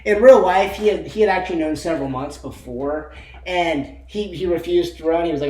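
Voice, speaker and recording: A man's voice: on the high side, fairly quick, darkish tone, roomy sound, rough recording. A young man co-hosting a casual movie chat, rambling with lots of fillers and frequent laughter. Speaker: co-host of a movie discussion channel.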